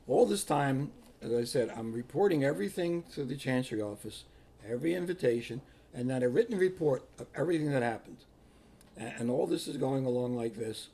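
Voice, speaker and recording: An older man, a priest telling personal stories in an animated way, acting out what people said. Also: mid-range voice, vocal fry, slightly rough. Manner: animated, repeats himself, acts out quotes. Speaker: Catholic priest. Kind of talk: personal storytelling.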